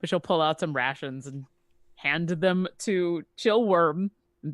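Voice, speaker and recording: A woman's voice: fairly low pitch, measured pace, no room sound, studio quality. A woman playing a tabletop role-playing game, casual and playful. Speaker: player.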